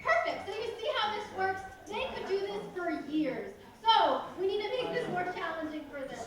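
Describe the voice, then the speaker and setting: A woman's voice: very high voice, animated, moderate pace. A woman refereeing and hosting a live improv comedy match, explaining the game rules and leading the audience in call-and-response in a projecting, upbeat way. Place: school auditorium or gym with a live audience. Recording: very echoey hall, far off, audible crowd.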